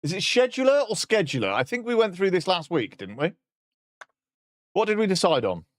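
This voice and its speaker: A man's voice: high voice, sing-song, fairly quick, dry recording, clean studio sound. A man streaming a casual chat, joking about himself and swearing now and then.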